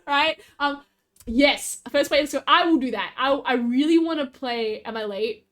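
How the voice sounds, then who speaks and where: Bubbly high-voiced woman streamer. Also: lively intonation, fairly quick, fairly bright tone. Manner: bubbly, giggly, talks to chat. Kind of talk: casual live-stream chat.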